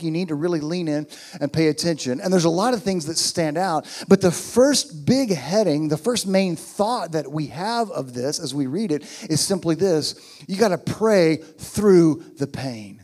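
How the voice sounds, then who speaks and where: A man's voice: a little high, a little mellow. A man preaching a sermon as pastor, emphatic and repeating his key phrases.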